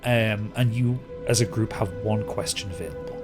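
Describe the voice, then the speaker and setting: A man narrating as game master of a tabletop game, describing scenes with many pauses and fillers. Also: fairly low pitch, over loud music. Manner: descriptive, hesitant, many ums and kind ofs.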